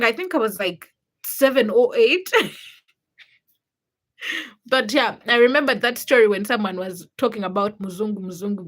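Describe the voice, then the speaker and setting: A young adult woman talks casually to her livestream viewers. She tells childhood stories in an animated way, acting out the people in them. Her voice sits a little high and has a bright, forceful edge. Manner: animated storytelling, acts out quotes with laughter. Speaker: livestream host.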